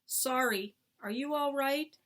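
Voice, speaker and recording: A woman's voice: sits high, slow, a bit bright, voice pushed up. A woman voicing an earnest, sneaky young boy in a storybook read-aloud. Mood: tender.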